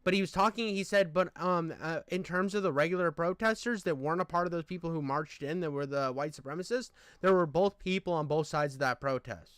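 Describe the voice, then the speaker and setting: Heated and profane, a young man rants in casual commentary on a video, exasperated, restarting often and filling gaps with fillers. He talks fairly quickly with hardly any pauses, in a slightly high, bit bright, clear and resonant voice, recorded dry.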